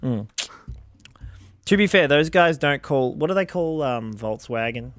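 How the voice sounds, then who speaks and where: A man's voice: medium pitch, animated, measured pace. A young Australian man co-hosting a podcast, chatting casually and arguing his point insistently with a lot of laughing. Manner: argumentative, insistent, laughs often. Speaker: podcast co-host. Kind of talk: casual chat.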